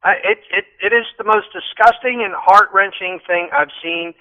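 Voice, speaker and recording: A man calling in to a political talk show, speaking in an animated, rambling way with repeated restarts. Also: high-pitched, normal speed. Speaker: call-in guest. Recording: muffled phone line.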